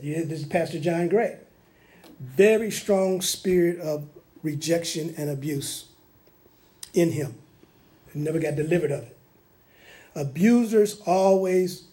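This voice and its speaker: A male preacher with a notably high voice gives a sermon-style teaching. He speaks with energy and often acts out the people he quotes. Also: mellow.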